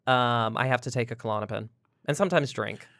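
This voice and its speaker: A woman's voice: rumbling low, fairly quick, a bit bright. A woman hosting a podcast in casual chat, teasing and quizzing her guest playfully. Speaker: podcast host.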